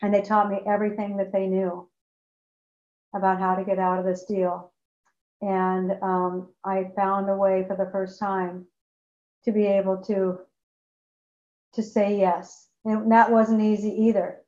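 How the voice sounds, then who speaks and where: A woman's voice: medium pitch, flat delivery, measured pace, long pauses, dark tone. A woman giving an emotional, candid personal testimony about her recovery, often repeating phrases for emphasis. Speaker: speaker sharing her recovery story. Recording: echoey, dull lo-fi room recording.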